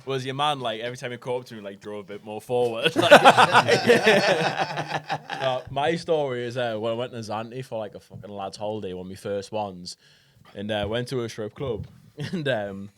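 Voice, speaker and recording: A man's voice: medium pitch, moderate pace, fairly bright tone. A man telling a rambling, swear-filled story in a casual pub podcast chat, laughing as he goes.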